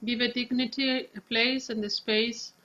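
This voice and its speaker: Lady voice coach, slow, kinda high, muffled lo-fi sound. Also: level tone, bright, forceful tone. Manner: demonstrates lines slowly, drawn-out Italian vowels. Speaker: vocal coach. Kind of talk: singing lesson.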